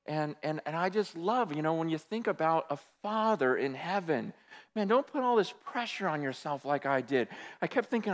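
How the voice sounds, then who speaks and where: A man preaching a sermon, telling stories with acted-out quotes and swinging from loud bursts to hushed, intimate passages. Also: a little high, lively intonation, normal speed, big-room sound. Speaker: pastor.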